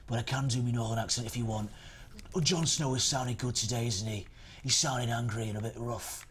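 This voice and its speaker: A man's voice: mid-range voice, steady tone, a little fast, fairly bright tone, a little hiss or hum. Chatty Northern English man streaming. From England. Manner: rambling, chatty, reads chat aloud. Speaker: live stream host. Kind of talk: casual gaming stream chat.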